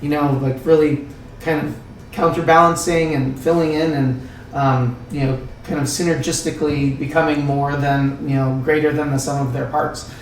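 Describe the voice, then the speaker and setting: A man who works as a winemaker talks in a rambling, casual way full of fillers and restarts, with a croaky throat. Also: fairly high pitch, little pitch movement, moderate pace, a little hiss or hum. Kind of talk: casual podcast chat. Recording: roomy sound, distant mic.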